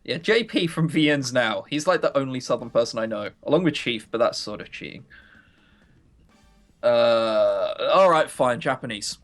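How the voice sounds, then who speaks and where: A man's voice: medium pitch, animated, normal speed, faint music behind. A man chatting casually on a live game stream, joking and chuckling.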